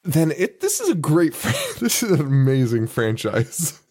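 A man's voice: fairly high pitch, wildly swooping pitch, measured pace, darkish tone, husky. Laughing, foul-mouthed male podcast co-host. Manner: laughs often, swears, acts out quotes. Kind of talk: casual movie recap chat.

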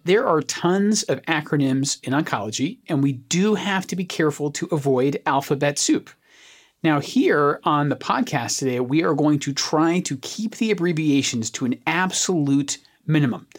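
A podcast oncologist talks through a treatment study with lots of melodic rise and fall. The voice has a husky edge, and the tone stays energetic and explanatory, full of homely comparisons. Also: medium pitch. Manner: animated, explains with everyday analogies.

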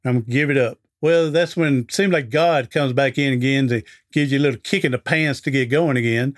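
A middle-aged man, an author and speaker appearing as a guest on an interview podcast, tells a folksy anecdote chattily and acts out the dialogue. His voice is mid-range and fairly quick.

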